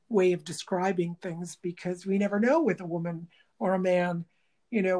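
A woman's voice: lowish voice, darkish tone. A woman workshop teacher talking in a reflective interview, thoughtful and searching for words, often restarting.

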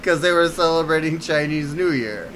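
A man's voice: on the high side, moderate pace, a bit bright, slight background noise. Joking man over audible room ambience. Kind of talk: casual chat.

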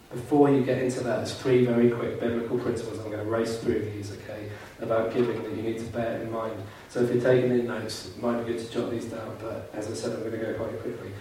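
A man's voice: lowish voice, darkish tone, a little hiss or hum. A man preaching a sermon with earnest fervour, now and then mimicking grumbling churchgoers in a put-on voice. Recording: very echoey hall, mic far off.

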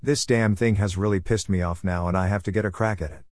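A man's voice: low-pitched, fairly even intonation, fast, darkish tone, dry recording, clean studio sound, natural voice. A man voicing a brash, hot-tempered skeptic who talks in a blunt, blustering way.

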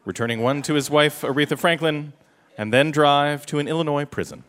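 A man co-hosting a quiz show, reading clues in a jokey, animated way. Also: a little high, brisk, noisy background. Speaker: game show co-host.

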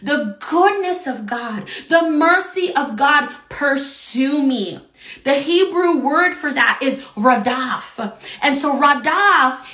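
Bright-voiced woman teaching a Bible study. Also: high voice, echoey room. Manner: fervent, preacherly, with frequent "right?" tags.

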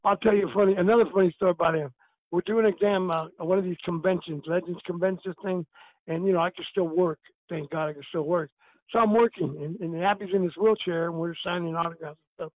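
A man's voice: high-pitched, quick pace, no echo, narrow, tinny audio. An older man, a retired pro wrestler, telling stories in a casual chat, laughing often and acting out what others said. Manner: animated, laughing often, acts out quoted lines. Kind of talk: casual storytelling.

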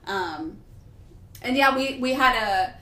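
A woman co-hosting a podcast, telling a personal story in an animated, casual way with lots of fillers. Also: fairly high pitch, slow pace. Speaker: podcast co-host. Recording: echoey room with faint noise.

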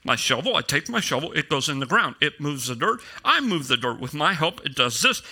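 Bright-voiced middle-aged man preaching. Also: on the high side, very animated, brisk, breathy edge. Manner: casual storytelling, self-deprecating humor. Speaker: pastor. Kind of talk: sermon.

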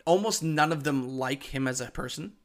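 A man co-hosting a casual podcast, walking his co-host through the week's football news. He talks with eager enthusiasm and fills gaps with ums and uhs. His pitch sits at an ordinary middle height for a man. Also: moderate pace. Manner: enthusiastic, explanatory, lots of fillers. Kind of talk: casual chat.

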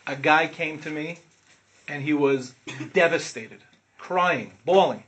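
A middle-aged man teaching an informal Torah class to students, animated, asking questions and acting out what his students say. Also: a little high, takes it slowly. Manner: animated, asks the listeners questions, acts out students' words.

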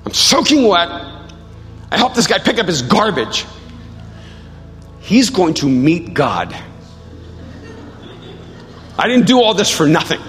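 Pastor telling a story in a reverberant hall. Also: male voice, high voice, sing-song, slow pace, pauses often. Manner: storytelling, self-mocking humor, then quiet prayerful appeal. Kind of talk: sermon. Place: large church hall. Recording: live church hall with long reverb and soft music.

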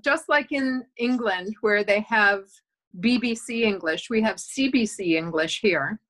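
A woman's voice: medium pitch, measured pace, fairly bright tone. A woman from the United States chatting casually, thoughtful with dry remarks and frequent fillers. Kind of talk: casual chat.

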